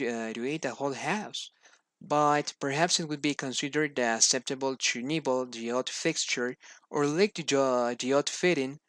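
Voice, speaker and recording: A man's voice: mid-range voice, fairly bright tone, no echo. Man hesitantly reading a storybook. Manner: hesitant with many fillers and restarts. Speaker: student.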